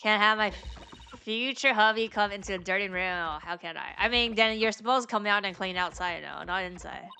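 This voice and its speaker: A woman's voice: mid-range voice, a little fast, pushed and bright, clean tone. A woman streaming a game, chatting casually with giggly, slangy asides. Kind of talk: let's play commentary.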